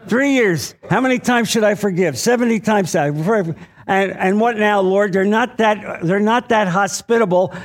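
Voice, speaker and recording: Bible teacher guy preaching, high voice, animated, lots of uhs and acted-out lines. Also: normal speed. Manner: animated, acts out quoted voices, many fillers. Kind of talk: sermon. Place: church or meeting hall.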